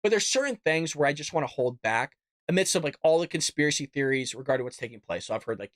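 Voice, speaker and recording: A man hosting a political show, ranting hotly and tripping over his own restarts. His pitch swings widely as he vents. The sound is dry and close with no room echo. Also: very animated, fast talker, a bit bright. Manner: heated, exasperated ranting with frequent restarts. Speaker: political commentary host. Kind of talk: live political commentary.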